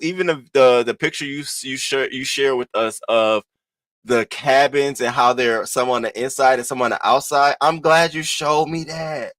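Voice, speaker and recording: A man hosting a casual livestream, greeting viewers one by one in an animated, playful way. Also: dry recording. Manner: animated, playful, swoops up high when greeting people. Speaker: livestream host.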